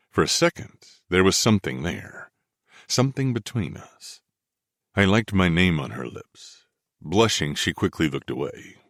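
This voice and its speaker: A man narrating a first-person romance audiobook in a measured, expressive way. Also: deep voice, vocal fry, dry recording, studio quality.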